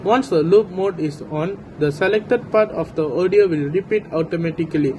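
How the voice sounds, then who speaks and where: A young male student reading a tutorial script in a steady, even delivery. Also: high-pitched, normal speed, background noise. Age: young adult. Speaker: student presenter. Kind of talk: read-out tutorial narration.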